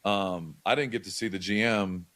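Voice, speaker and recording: A man's voice: sits low, steady tone, moderate pace, fairly bright tone. A young man talking casually as a podcast guest, swearing often and filling his talk with likes and restarts. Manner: loose, profane, many likes and restarts. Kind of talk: casual storytelling chat.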